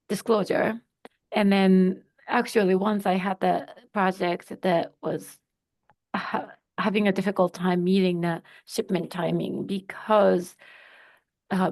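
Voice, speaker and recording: A woman's voice: fairly low pitch, darkish tone. A woman sharing a work experience in a webinar, talking hesitantly with many fillers and restarts. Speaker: webinar participant. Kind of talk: casual spoken anecdote.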